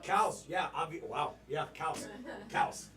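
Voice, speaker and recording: A man's voice: a little high, slow, fairly bright tone. A man hosting a live improv comedy show on stage, chatty and playful. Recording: echoey stage from a distance with crowd. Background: audience.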